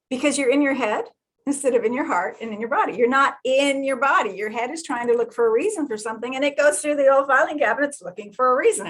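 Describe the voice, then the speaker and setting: A woman energy healer leading a group session, telling lively stories, acting out the voices she quotes and laughing often, then guiding breathing. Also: sits high. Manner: animated storyteller who acts out quoted voices and laughs often. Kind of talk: casual group talk with guided breathing.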